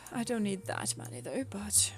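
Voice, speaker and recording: Slow-talking woman streamer thinking aloud. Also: medium pitch, background noise. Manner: thinks aloud, playful, chats with viewers. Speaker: VTuber streamer. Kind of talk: casual let's-play commentary.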